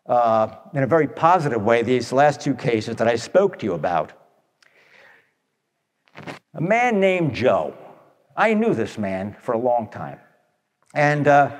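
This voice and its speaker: Blunt man telling stories in an echoey hall. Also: mid-range voice. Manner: animated, blunt, asks rhetorical questions. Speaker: speaker addressing an audience. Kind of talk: storytelling talk to an audience. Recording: long echoey hall reverb.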